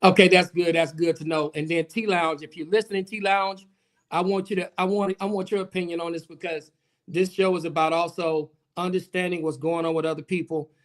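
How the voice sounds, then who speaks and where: A man who works as an attorney, hosting a live panel talk, animated and repeating himself as he calls on guests. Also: on the high side, brisk. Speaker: host, attorney.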